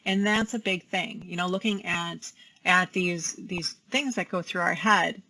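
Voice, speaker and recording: A woman's voice: lowish voice, unhurried, sharp tone, rough recording. A woman, a life coach, talking casually about challenging anxious thoughts, with many fillers and quoted inner voices. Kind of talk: casual talk on managing anxiety.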